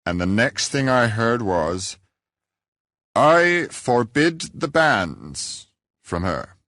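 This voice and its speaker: A man voicing a solemn rustic villager who tells his tale with grave, deliberate emphasis. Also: low-pitched, fairly bright tone, no echo, clean studio sound. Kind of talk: audiobook character reading.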